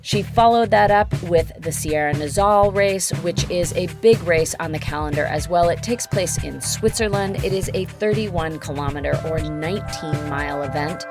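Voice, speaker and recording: Low, gravelly woman narrating over music. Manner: measured, informative. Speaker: podcast host. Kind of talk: scripted narration.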